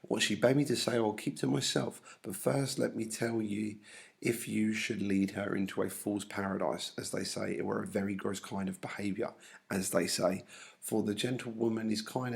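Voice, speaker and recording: A man's voice: fairly low pitch, flat delivery, moderate pace, gravelly. A man reading aloud as an indignant, bawdy middle-aged female nurse in a play, with emphatic delivery.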